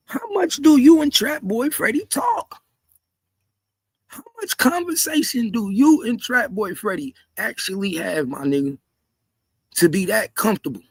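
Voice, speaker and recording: A man doing heated livestream commentary, repeating himself in disbelief and often shouting. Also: high voice, expressive, unhurried, vocal fry, slightly rough, no echo. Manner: repetitive, incredulous, frequently shouting. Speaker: commentary streamer.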